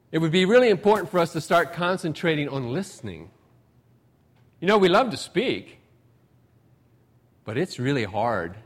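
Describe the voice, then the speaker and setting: A middle-aged man, a pastor, preaching a conversational sermon with folksy personal stories. He pushes up for emphasis, then lets phrases trail off softly. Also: on the high side.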